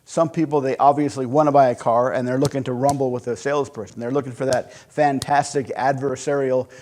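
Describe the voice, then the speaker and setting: Man, sales teacher, mid-pitched voice, relaxed storytelling. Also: fairly quick, a little hiss or hum. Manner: conversational, animated storytelling. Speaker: sales instructor. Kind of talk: storytelling lesson.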